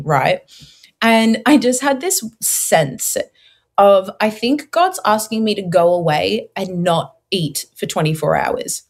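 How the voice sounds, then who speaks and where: A young woman from Australia, a guest sharing her faith story in an earnest, expressive way, with many fillers. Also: mid-range voice, a little slow. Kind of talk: testimony interview.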